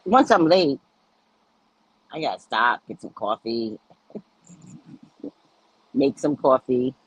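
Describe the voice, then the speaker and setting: A woman's voice: rumbling low, slow, breathy edge, no room sound, low-quality recording. A middle-aged woman hosting a casual livestream, chatting and reading viewer comments aloud. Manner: chatty, animated, reads chat aloud. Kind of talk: casual chat.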